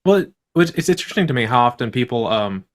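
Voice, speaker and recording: A man chatting as an interview guest, talking quickly and circling through his thoughts with plenty of fillers. His pitch sits in an ordinary middle range, and his speech tumbles along at a brisk clip. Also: animated. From grew up on a farm. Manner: rambling, many fillers, laughs often. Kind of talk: casual conversation.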